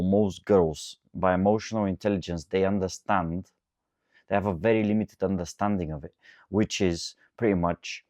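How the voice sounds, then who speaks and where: Podcast host, male, very low voice, dry close mic, ranting solo monologue. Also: no room sound. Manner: ranting, animated, self-correcting.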